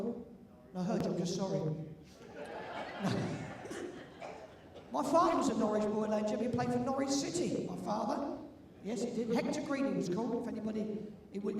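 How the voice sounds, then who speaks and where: An older man from London with a London accent, compèring an event and bantering cheekily with the crowd in a teasing, chatty way. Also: sits high. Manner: jokey, teasing, chatty with the audience. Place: large indoor sports arena. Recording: echoey hall from far off, with room noise.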